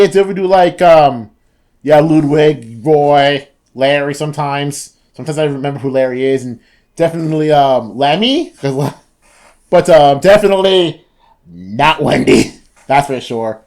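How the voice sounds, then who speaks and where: A gaming YouTuber casually answering viewer comments, rambling with many restarts, the pitch jumping up when he gets excited.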